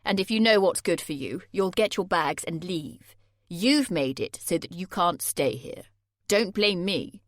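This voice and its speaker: A woman voicing a blunt, ruthless young man who speaks flatly and curtly. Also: high-pitched, a little slow, dry recording, clean studio sound. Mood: dismissive. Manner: flat, curt, matter-of-fact.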